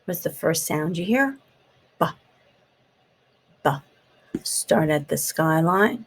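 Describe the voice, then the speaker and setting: A woman teaching a phonics lesson to young children, slowly sounding out letters and tapping out words. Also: deep voice, animated, poor audio.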